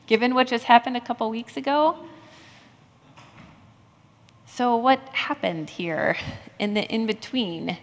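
A woman pastor giving a candid, self-deprecating personal testimony in a sermon, laughing at herself now and then. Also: mid-range voice. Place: church sanctuary. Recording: long hall reverb from a church sanctuary.

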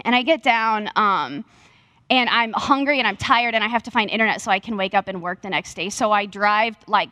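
A young woman preaching, telling a faith story with earnest, animated energy and acting out her own quotes. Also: on the high side, dry recording, clean studio sound. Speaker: speaker sharing testimony. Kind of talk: sermon-style storytelling.

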